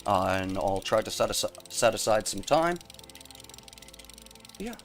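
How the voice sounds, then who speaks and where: A young man streams a game live, chatting casually and rambling with viewers, laughing often and addressing chat by name. His voice sits on the low side with big pitch swings and a measured pace. Faint music plays behind him.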